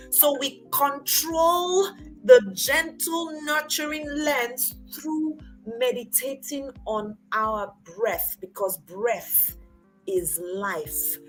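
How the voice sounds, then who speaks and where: A woman's voice: on the high side, poor audio. Engaging woman in her forties, host. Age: 40s. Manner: engaging, asks the audience questions and answers them herself; swings between loud emphatic bursts and soft near-whispers. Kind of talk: motivational talk to a live online audience.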